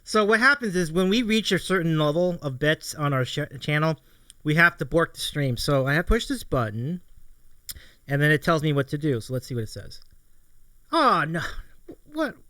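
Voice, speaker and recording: Male talk host, high-ish bright voice, upbeat, self-mocking. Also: big pitch swings, normal speed, no echo. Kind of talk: casual interview chat.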